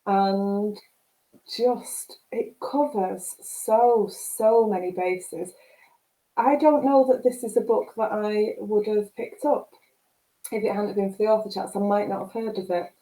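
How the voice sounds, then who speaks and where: A woman's voice: medium pitch, fairly even intonation, unhurried, dark tone. Gushing Mancunian woman, roomy echo. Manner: gushing, emotional, rambling. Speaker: book club host. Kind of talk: casual video chat.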